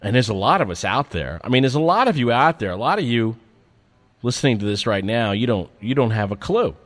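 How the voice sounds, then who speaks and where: A man hosting a radio show, telling a story in a wry, self-mocking monologue, swearing freely and swinging between loud outbursts and quiet mutters. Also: medium pitch, sing-song, a little fast, no room sound. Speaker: radio host.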